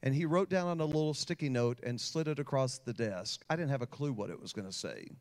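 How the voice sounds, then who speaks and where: A man's voice: mid-range voice, animated, fairly quick, darkish tone. A man, a pastor, preaching a sermon and telling a personal story with growing intensity. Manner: storytelling with rising emotional intensity.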